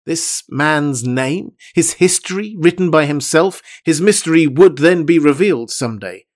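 A man narrating a classic novel in the first person, with a measured and formal delivery. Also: on the high side, lively intonation. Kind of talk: audiobook reading of a classic novel.

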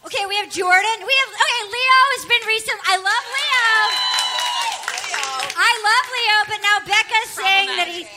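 A woman hosting a podcast, giggly, gossipy and excitable in casual chat. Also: extremely high pitch, moderate pace, a loud crowd, heavy background noise. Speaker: podcast host.

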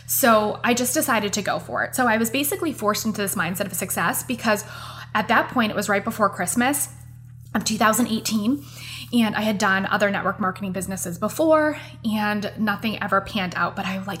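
A woman's voice: medium pitch, bright, forceful tone. Chatty woman podcast host. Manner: earnest, chatty, addresses listeners as "you guys". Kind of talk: casual motivational podcast monologue.

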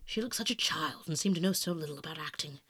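A man reading aloud, voicing a worldly, cynical older male aristocrat who speaks smoothly and persuasively, in a dry, close sound. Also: a little high, fast talker, fairly bright tone, dry recording, voice pushed down. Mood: urbane. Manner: smooth, epigrammatic, coolly persuasive. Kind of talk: audiobook narration.

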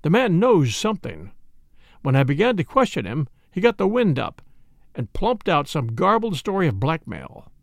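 A man reading the part of a brisk middle-aged police inspector, blunt and questioning, in an audiobook. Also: fairly high pitch, huge pitch swings, creaky, no echo, clean studio sound, full character voice. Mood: probing.

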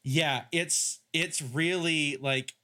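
A man's voice: a little high, fairly even intonation, extremely slow, pushed and bright. A man hosting a casual film-review podcast, rambling with many fillers and restarts. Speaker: podcast host.

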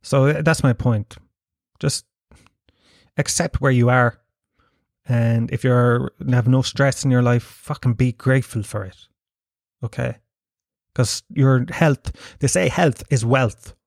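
A man's voice: mid-range voice, fairly even intonation, slow, gravelly, long pauses, no echo, clean studio sound. A man hosting his podcast, delivering a rambling, profane monologue and laughing at his own jokes. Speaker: podcast host. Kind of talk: casual ranting monologue.

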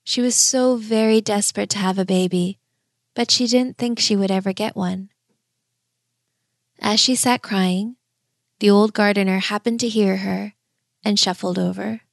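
A woman narrating a bedtime fairy tale in a gentle, measured way. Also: mid-range voice, steady tone, vocal fry, dry recording, studio quality. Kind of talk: storybook narration.

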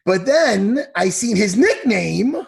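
A man, animated and profane, chatting casually on a video call and laughing often. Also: high voice, takes it slowly, vocal fry, breathy edge. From Long Island, New York. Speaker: podcast co-host. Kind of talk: casual chat.

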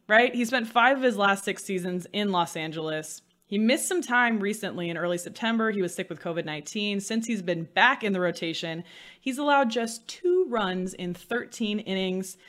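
Woman podcast host, mid-pitched, chatty and sarcastic, solo studio show. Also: a bit bright. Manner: chatty and self-mocking, with dry sarcasm. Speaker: sports betting podcast host.

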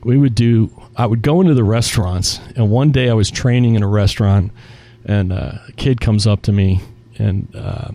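A man's voice: lowish voice, moderate pace, no echo. A man, a restaurant executive guest in a casual interview, telling work stories and acting out the dialogue. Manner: animated storyteller acting out quoted dialogue.

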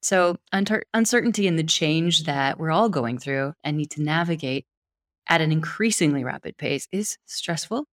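A woman's voice: low-pitched, normal speed. A woman from Wyoming hosting a podcast, introducing her guest in an enthusiastic, gushing way. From Wyoming, USA. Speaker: podcast host. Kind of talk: podcast introduction and interview chat.

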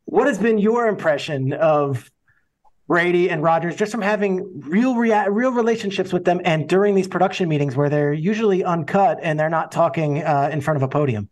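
Higher-voiced man hosting, jokey storyteller. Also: lively intonation, normal speed. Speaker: podcast host. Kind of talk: casual podcast interview.

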